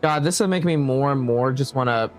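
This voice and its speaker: A man's voice: mid-range voice, fairly quick, faint music behind. A man streaming a game, talking casually and animatedly, swearing a lot and laughing often. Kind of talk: casual gameplay commentary.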